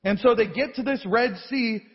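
A man's voice: very high voice, normal speed. A man preaching a sermon in a large church, reading scripture aloud and acting out the voices in the story. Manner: animated, reads scripture then acts out voices. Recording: dull live church feed with long reverb.

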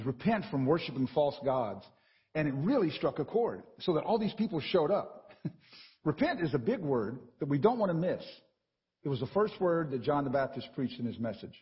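A man preaching a sermon in a church, animated and conversational, often checking in with the congregation. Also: on the high side, in a large hall, lo-fi sound. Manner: animated and conversational, with frequent "right?" asides.

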